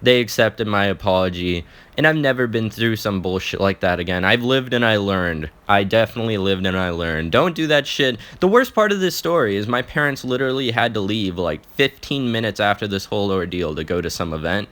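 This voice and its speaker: A man's voice: fairly low pitch, a little fast, a bit bright. A young man telling an embarrassing personal story in a casual, profane vlog, often restarting his sentences.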